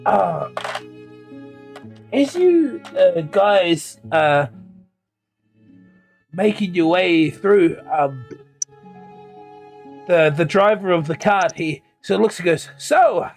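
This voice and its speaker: Male game master, slow, hesitant narrator, faint background music. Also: high voice, animated, vocal fry. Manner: hesitant, full of fillers.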